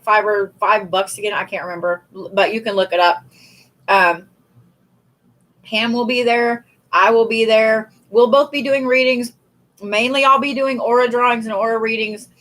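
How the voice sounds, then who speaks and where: A woman's voice: mid-range voice, a bit bright, poor audio. A woman hosting a casual spiritual livestream, chatty and rambling with lots of fillers. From Tulsa, Oklahoma area. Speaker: spiritual reader and podcast host.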